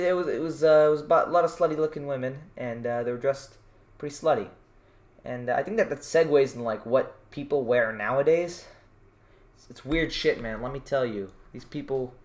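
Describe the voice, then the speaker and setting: A man performing a self-written stand-up routine for his channel, rambling with many restarts. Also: medium pitch. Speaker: vlogger doing stand-up.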